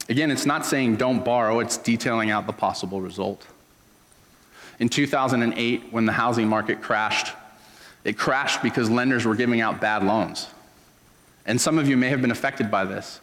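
A man's voice: medium pitch, moderate pace, fairly bright tone, in a large hall. A man preaching a sermon as a pastor, in an earnest, conversational storytelling manner.

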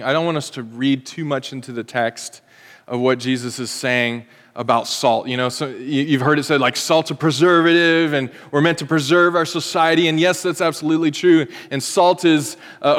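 A man's voice: on the high side, a bit bright, long reverb tail. A man in his forties preaching a sermon, conversational and joking, speaking as a pastor to his congregation.

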